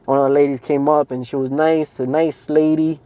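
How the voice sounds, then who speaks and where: His voice sits a little high and dark, and he talks briskly with a flat delivery and no room sound. This podcast co-host gives his faith testimony in an earnest, casual way, peppered with "like" and "man."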